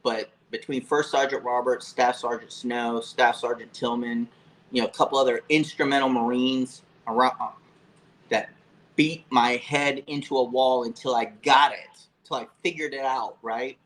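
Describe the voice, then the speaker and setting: A man in his fifties from Florida, telling stories as an interview guest in a casual, profane, animated way with frequent fillers. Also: mid-range voice, moderate pace, a little hiss or hum, poor audio. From Florida, USA. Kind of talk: casual storytelling.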